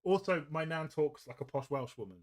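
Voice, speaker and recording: A man with a slightly high, brisk voice chats casually from his painting desk indoors while hosting a painting livestream. He tells rambling stories and laughs often.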